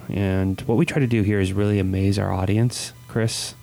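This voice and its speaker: Male interview host, 40s, gravelly and low, halting delivery. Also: steady tone, warm tone, no echo. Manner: halting, repeats words, upbeat when introducing segments. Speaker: podcast host. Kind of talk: interview chat.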